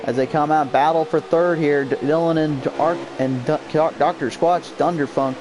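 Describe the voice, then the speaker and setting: Young man, play-by-play race caller, higher voice, over a noisy stream mix. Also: moderate pace. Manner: energetic, jumps high on crashes. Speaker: race commentator. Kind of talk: excitable sim racing play-by-play. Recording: noisy amateur stream audio.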